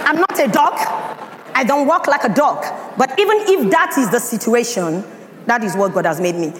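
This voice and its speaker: Nigerian woman, lively talk in echoey hall. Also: a little high, moderate pace, a loud crowd, very noisy. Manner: storytelling with dramatic emphasis. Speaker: speaker. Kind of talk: motivational talk. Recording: echoey hall, faint ambience.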